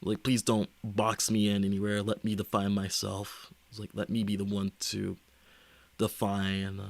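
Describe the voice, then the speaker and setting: A young man streaming, talking casually in a rambling, halting way full of fillers and restarts. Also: lowish voice, monotone, vocal fry, no echo. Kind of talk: casual livestream chat.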